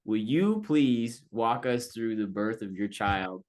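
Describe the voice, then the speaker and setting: A man's voice: on the low side, expressive, slow, darkish tone. A man hosting a podcast in casual interview style, enthusiastic and chummy. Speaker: podcast host.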